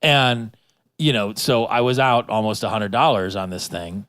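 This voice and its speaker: A man's voice: on the low side, moderate pace, fairly bright tone, clean tone, no room sound, studio quality. Rambling, profane male storyteller. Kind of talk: casual podcast chat.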